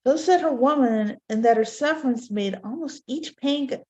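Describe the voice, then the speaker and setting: A woman's voice: high-pitched, moderate pace, darkish tone, highs cut off, lightly acted. A woman reading the part of a dutiful courtier knight in an amateur Shakespeare reading, speaking the verse earnestly and plainly. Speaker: reader in a play reading.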